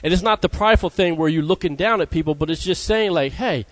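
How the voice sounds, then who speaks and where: A man's voice: on the high side, fast. A man preaching a conversational sermon who keeps calling out "Amen?" to his listeners. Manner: conversational, calls out Amen to the congregation.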